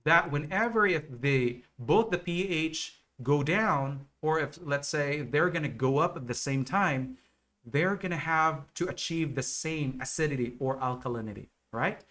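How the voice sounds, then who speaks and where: A man teaching nursing exam material on a live stream, explaining slowly and checking in with viewers often. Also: fairly high pitch, a bit bright. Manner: slow, repetitive explaining with frequent okay and right checks.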